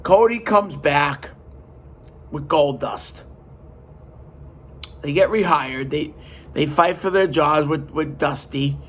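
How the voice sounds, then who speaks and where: Podcast guy telling a story, slow, high voice, super animated, big emphasis. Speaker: podcast host. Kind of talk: casual storytelling.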